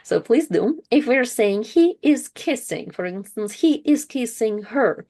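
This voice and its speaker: A woman teaching a language lesson, patiently explaining verbs and repeating each word slowly for practice. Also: fairly high pitch, lively intonation, warm tone.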